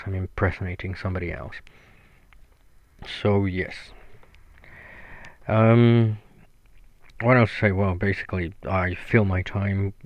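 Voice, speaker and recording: A man from Mexico with a Mexican accent, rambling through a solo podcast in a flat, sweary, self-mocking way. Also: low-pitched, no echo, dull audio. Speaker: podcast host.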